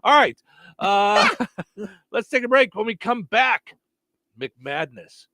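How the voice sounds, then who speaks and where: A man with a high, animated voice co-hosts a casual morning radio show, bantering and reading listener messages aloud. The sound is close and dry, with no room around it. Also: slow, no echo. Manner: reads listener messages aloud, chatty and teasing.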